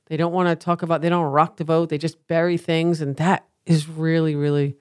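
A relaxed, chatty co-host in casual conversation, often adding quick remarks. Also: medium pitch, smooth, no room sound, studio quality. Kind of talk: casual chat.

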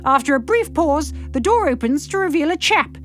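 A woman's voice: sits high, lively intonation, normal speed, faint music behind. Sardonic woman reading her comic book. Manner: sardonic, self-mocking.

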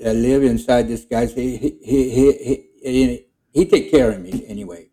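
A man's voice: medium pitch, normal speed, mellow, natural voice. A man voicing a nervous teenage boy with a heavy stutter.

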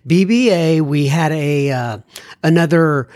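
A man's voice: on the high side, a little slow, darkish tone, dry recording. A man with a Texan accent hosting a podcast, chatting casually as he reads listener mail, folksy and full of fillers. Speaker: podcast host.

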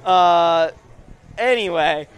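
A young man co-hosting a sports podcast, joking around in casual chat and rattling off ad reads at high speed. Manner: joking, talks very fast on reads. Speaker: podcast co-host. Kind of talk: casual chat, rapid ad read.

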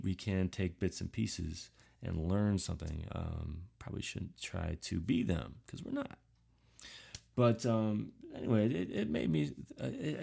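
Very low and gravelly with a darkish tone, this man's voice fills a casual podcast he hosts alone. His talk wanders, pokes fun at himself, and is packed with fillers and false starts.

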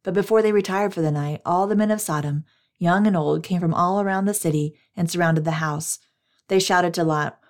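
A woman narrates scripture in a steady, measured reading. Her voice sits lowish and even.

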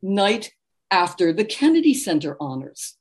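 A woman from New York, a guest author telling animated anecdotes in an interview. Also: medium pitch, a little slow. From New York, USA. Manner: animated anecdotal storytelling with laughter. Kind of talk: conversational interview storytelling.

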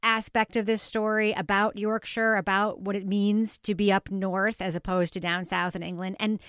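A woman interviewer asks long, curious questions. Her voice is smooth and resonant, and it is recorded close and dry with no room sound. She stays at a middle pitch. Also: little pitch movement, normal speed, a bit bright, no room sound. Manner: curious, inquisitive.

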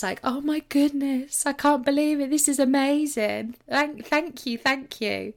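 A woman's voice: sits low, a bit bright. A British woman hosting a solo podcast, telling stories in a chatty, self-mocking way. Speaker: podcast host. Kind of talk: casual solo podcast talk.

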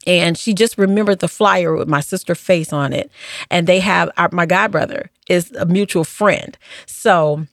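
A woman, a former hospice nurse, telling stories from her work in a casual interview, acting out what people said with lively jumps in her voice. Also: normal speed, no room sound, studio quality. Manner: animated, acts out quoted dialogue with big pitch jumps.

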